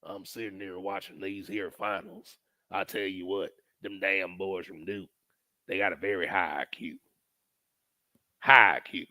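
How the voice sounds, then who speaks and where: A man putting on a low, drawling smug fan. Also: fairly even intonation, unhurried, long pauses, bright, forceful tone, no room sound, exaggerated voice. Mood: mocking.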